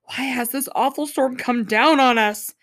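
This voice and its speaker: A woman's voice: mid-range voice, steady tone, a little slow, no echo, studio quality, lightly acted. A woman voicing a frantic ship's crew, reading their urgent, pleading questions aloud.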